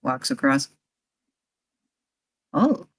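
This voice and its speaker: A woman's voice: extremely low pitch, big pitch swings, drawn-out words, slightly rough. A woman narrating as game master of a tabletop game, chatty and laughing often.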